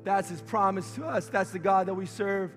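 A male pastor preaches with fervor, his voice strikingly high and going hoarse as he loses it. His shouted lines ring out with a long hall reverb. Soft music plays behind him. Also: moderate pace. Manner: impassioned preaching, rising to shouts. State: losing his voice. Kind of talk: sermon.

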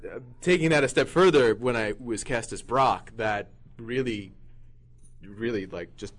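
A man speaking as a voice actor on a convention panel, joking, with halting restarts now and then. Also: medium pitch. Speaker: voice actor guest.

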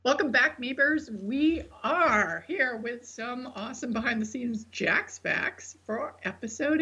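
Raspy, bubbly woman co-host. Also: fairly high pitch, a bit bright. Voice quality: raspy, gravelly. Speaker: podcast co-host. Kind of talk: casual podcast chat, reading segment. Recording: dull lo-fi audio.

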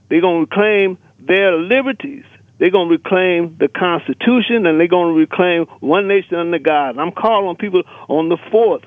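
A male caller comes through a thin, tinny telephone line, his voice pitched fairly high and completely dry. He talks in a fiery, emphatic way, piling up rallying lists as he drives his point home. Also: no room sound. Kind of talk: impassioned radio call-in rant.

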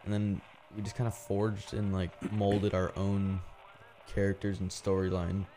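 A man's voice: low voice, monotone, unhurried, warm tone, a little hiss or hum. A man, a guest who acts in a haunt attraction, reminiscing in casual chat with many fillers.

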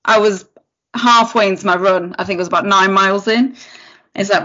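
On lo-fi podcast audio, a female guest with a medium-pitched, slightly quick voice tells a story in relaxed conversation. She's animated, acts out what people said, and laughs a lot.

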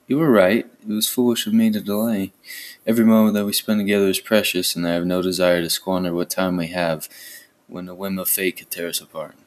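Guy reading as earnest young woman in love, his low voice. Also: flat delivery, brisk, close to an everyday voice.

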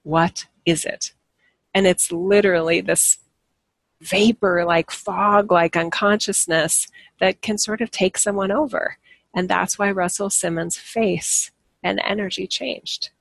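A woman's voice: mid-range voice, fairly even intonation, unhurried, vocal fry, dry recording. A woman hosting a live stream, talking casually and rambling, often restarting her sentences and laughing at herself. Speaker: livestream host. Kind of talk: casual spiritual talk to live viewers.

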